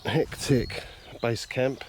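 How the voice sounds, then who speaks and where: Drawing out his words, a man speaks at medium pitch with fairly even intonation, and there's a little hiss or hum on the recording. He's a carp angler vlogging lakeside on a handheld camcorder, keeping the outdoor chat casual, jokey and self-deprecating.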